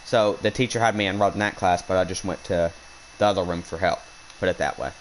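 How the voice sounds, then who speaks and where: A man's voice: low voice, quick pace, slight background noise, rough recording. A young man outdoors on a hunt, casually telling an indignant, rambling story with lots of restarts. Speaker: hunting vlogger. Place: outdoors while hunting.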